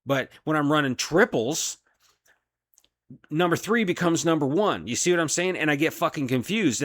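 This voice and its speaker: A man's voice: a little high, a bit bright, no echo, studio quality. Angry man ranting with heavy swearing. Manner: profane, heated, frustrated. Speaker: delivery driver venting. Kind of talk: angry solo rant.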